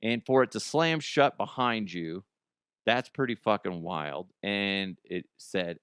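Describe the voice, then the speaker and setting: Excitable swearing male podcast host. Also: on the low side, slow pace, smooth, no echo, studio quality. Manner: excitable, laughs often, swears freely. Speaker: podcast host reading listener stories. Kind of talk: comic commentary on listener stories.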